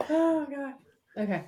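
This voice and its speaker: Teasing woman co-host, slightly high voice. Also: background noise. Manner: teasing, quick wisecracks. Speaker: podcast co-host. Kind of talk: casual podcast chat, bloopers.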